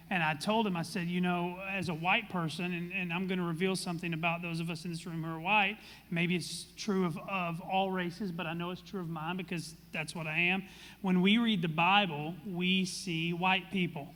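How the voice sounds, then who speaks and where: A man's voice: sits high, level tone, a little fast, hardly any pauses, a bit bright, long reverb tail. A man, a pastor, preaching and then leading a panel discussion in an earnest, conversational way. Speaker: pastor hosting a church discussion. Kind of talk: sermon and moderated panel.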